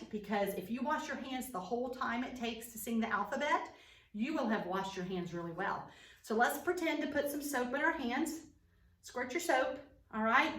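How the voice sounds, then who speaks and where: A woman teaching preschoolers over video, using a lively, sing-song voice for small children. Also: fairly high pitch. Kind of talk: online preschool lesson. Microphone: camera mic. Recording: roomy sound, a bit far from the mic.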